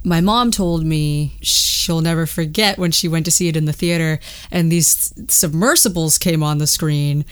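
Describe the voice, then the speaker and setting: A woman's voice: low voice, steady tone, moderate pace, few pauses, clean tone. A young woman casually talking through a movie with a co-host, chatty and full of fillers. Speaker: podcast co-host. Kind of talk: casual movie commentary chat.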